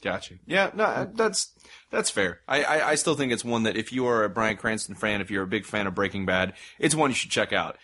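A man's voice: on the low side, animated, fairly quick, bright, forceful tone. A man hosting a casual movie review chat, enthusiastic and steering the talk between films. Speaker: film review podcast host.

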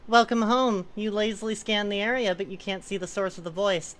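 A woman hosting a group call and reading a joke quiz aloud in a playful mock-hypnotic voice, sliding between slow soothing murmurs and loud giggly shouts. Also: medium pitch, fairly even intonation, a little hiss or hum.

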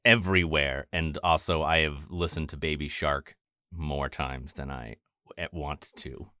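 Low, bright-voiced joking man. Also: steady tone, dry recording, clean studio sound. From Maine. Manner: quick, joking, swears freely. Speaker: podcast guest, audio editor. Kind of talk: casual chat.

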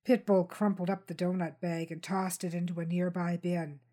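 A woman reading a tense crime novel aloud in steady, dramatic scripted narration. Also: fairly low pitch, moderate pace. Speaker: audiobook narrator.

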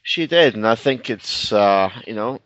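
A man with a Scottish accent talking tennis as a co-host, measured and thoughtful with frequent fillers. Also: lowish voice, expressive, a bit bright, no room sound, muffled recording. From Scotland. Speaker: co-host on the line. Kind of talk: casual sports chat.

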